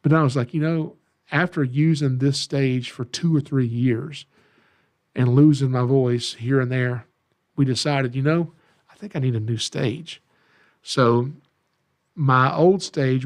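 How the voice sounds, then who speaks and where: Gravelly Southern man telling stories. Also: medium pitch, steady tone, measured pace. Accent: Southern US (Georgia). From Georgia, USA. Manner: folksy, self-deprecating, repeats phrases. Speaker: podcast host, snake educator. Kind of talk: casual storytelling monologue.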